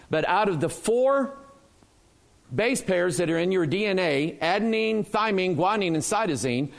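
A man with a high-pitched voice preaching in a church. He fires questions at the congregation and answers them himself, with strong emphasis. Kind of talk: sermon.

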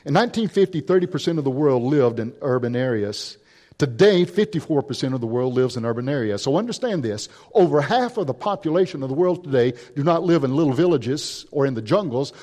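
Preacher in a reverberant hall. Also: male voice, on the high side, mellow. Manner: storytelling with statistics, rising emphasis. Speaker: missionary preacher. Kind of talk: sermon.

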